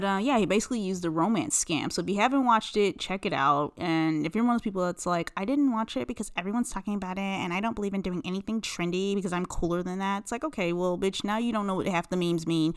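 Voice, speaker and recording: A woman hosts a solo podcast, ranting in casual chat. She talks bluntly and sarcastically, swearing freely. Her voice swings widely in pitch, shooting up whenever she is incredulous. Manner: animated, pitch jumps high when incredulous. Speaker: podcast host.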